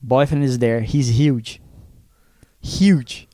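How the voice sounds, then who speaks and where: A young man from Brazil co-hosting a podcast, telling a story in a casual, animated way, acting out the people in it and swearing freely. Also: mid-range voice, slow pace, dry recording, studio quality. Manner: animated, acts out quoted voices, swears freely. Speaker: podcast co-host.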